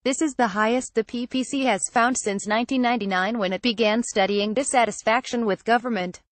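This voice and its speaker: A woman reading an opinion article aloud as scripted narration, at a measured, even pace. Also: on the high side, no echo.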